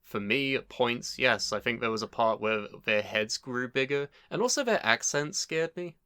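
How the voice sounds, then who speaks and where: A man co-hosting a casual podcast chat, with a dry, deadpan sense of humor. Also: medium pitch, normal speed, clear, resonant tone, no echo. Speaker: podcast co-host.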